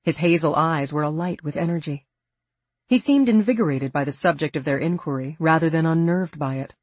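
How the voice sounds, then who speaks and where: An audiobook narrator reading a science fiction story in a steady voice. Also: medium pitch, fairly quick, dry recording. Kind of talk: scripted narration.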